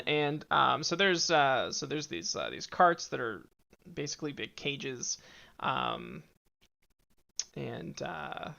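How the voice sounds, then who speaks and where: A man running a tabletop game as game master, talking in a halting way with many fillers and restarts and frequent laughter. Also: on the high side, creaky, bright, forceful tone. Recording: dull lo-fi audio.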